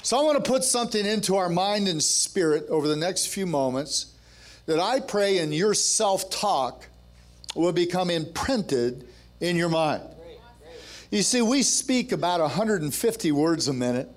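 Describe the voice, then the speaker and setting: A man's voice: sits high, expressive, measured pace. A man preaching a sermon at a men's gathering, telling a story and then building to fervent, rousing exhortation with joking, conversational asides.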